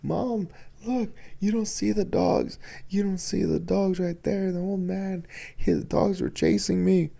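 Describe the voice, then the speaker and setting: A man's voice: high-pitched, steady tone, measured pace, creaky, dark tone, voice pushed up, exaggerated voice. A man voicing a terrified young man pounding on his mother's door, begging in a panicked voice. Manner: panicked pleading.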